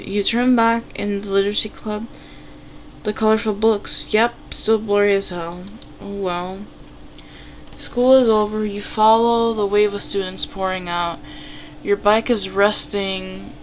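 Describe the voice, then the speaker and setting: A woman's voice: mid-range voice, a little hiss or hum. A woman casually reading a text game aloud, giggling often. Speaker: gamer.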